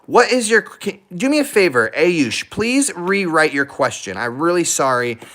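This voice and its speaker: A young man hosting a husky channel, giving earnest, emphatic advice in a casual live Q&A with viewers and repeating himself for stress. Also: fairly high pitch, sing-song, measured pace, a bit bright.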